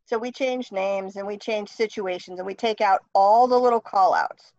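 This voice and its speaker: A woman's voice: medium pitch, moderate pace, darkish tone, dry recording. A woman guest author talking in a casual interview, blunt and wry. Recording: dry, dull lo-fi sound.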